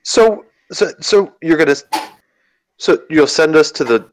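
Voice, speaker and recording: A man's voice: on the high side, animated, a little slow, no room sound, pitched above the performer's own voice, low-quality recording. A man voicing a nervous, overly courteous male adventurer who stammers through his words. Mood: nervous questions.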